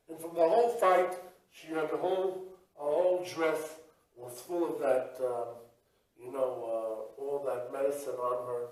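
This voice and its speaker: A man serving as a rabbi and yeshiva supervisor, telling a story in a religious lesson in an animated, halting way with many restarts. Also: fairly high pitch. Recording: echoey room, mic at a distance.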